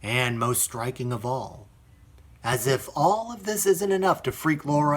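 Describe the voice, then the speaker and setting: A man's voice: a little high, lively intonation, moderate pace, breathy edge. A man reviewing a film in a chatty style with joking asides. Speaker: film critic.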